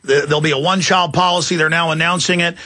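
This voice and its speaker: A man hosting a live talk radio show, ranting fiercely and shouting at times. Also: a little high, steady tone, quick pace.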